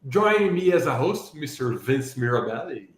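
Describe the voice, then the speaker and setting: A man's voice: medium pitch, very animated, moderate pace, reverberant. A man hosting an event, giving a formal welcome speech to an international audience. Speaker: event host.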